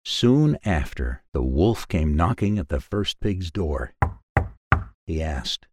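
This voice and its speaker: A man narrating a children's fairy tale in a measured, expressive way. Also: a bass voice, no room sound. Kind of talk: storybook narration.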